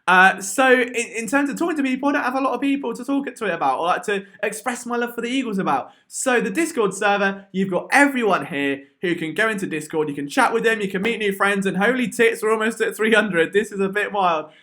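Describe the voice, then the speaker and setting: Excitable high-voiced English man. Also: brisk, hardly any pauses. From England. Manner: excitable, rambling. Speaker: live stream host. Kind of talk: live stream chat.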